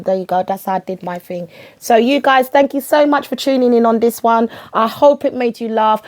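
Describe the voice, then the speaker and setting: A woman with a British accent hosting a podcast, telling a comedic story in an animated, slangy way, full of rapid asides. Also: a little high. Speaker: podcast host.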